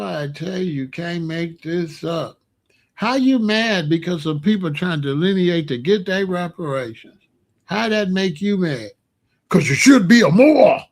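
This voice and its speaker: A man with a notably high-pitched voice rants straight to his audience in loose, casual commentary. He is animated and mocking, breaks into laughter, and keeps returning to the same catchphrase. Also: creaky. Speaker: online commentator.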